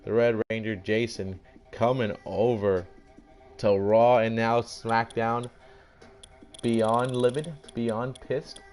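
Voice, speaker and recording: A man's voice: medium pitch, slow pace, faint music behind. A young man commentating a video game draft in a casual, playful way, acting out the teams' reactions. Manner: animated, playful, acts out brands in voiced quotes, swears casually. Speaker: gaming commentator.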